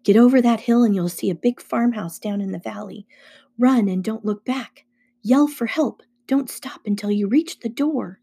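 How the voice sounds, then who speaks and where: A woman's voice: on the high side, moderate pace, gravelly, dark tone, slightly rough. A woman reading an audiobook aloud, voicing a frightened but firm mother giving serious, urgent orders.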